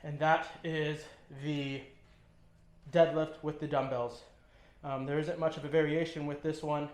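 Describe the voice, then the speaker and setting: A man's voice: fairly high pitch, little pitch movement, unhurried, slight background noise. A man working as a fitness trainer, demonstrating and explaining lifts with short coaching cues and frequent ums as he moves. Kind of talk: instructional demonstration. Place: gym, indoors. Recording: echoey gym room.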